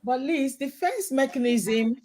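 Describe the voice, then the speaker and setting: A woman's voice: high-pitched, animated, unhurried, warm tone. A middle-aged woman hosting a casual talk show, talking emphatically and repeating words as she starts. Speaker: host.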